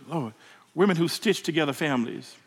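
A man's voice: a little high, animated, normal speed, fairly bright tone, slightly rough. A man preaching a sermon in a church, emotional and repeating words as he builds. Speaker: pastor. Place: church sanctuary. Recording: reverberant church hall.

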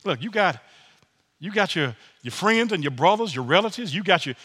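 A man preaching with a high, bright voice that swings up and down, folksy and animated, doubling back on his words as he goes. His sermon rings out with a long reverb, as in a large hall. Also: moderate pace, breathy edge. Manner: lively, folksy preaching with many repeated words.

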